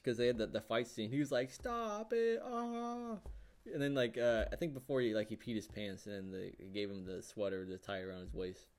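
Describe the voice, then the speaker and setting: A man vlogging a casual, rambling recap of a show, full of fillers and excited reactions. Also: lowish voice. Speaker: YouTuber.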